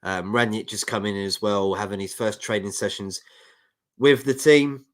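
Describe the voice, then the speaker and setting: London bloke co-hosting football chat. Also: male voice, lowish voice, steady tone, normal speed. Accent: London English. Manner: banters, reads out viewer comments. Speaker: football podcast co-host. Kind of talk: casual chat.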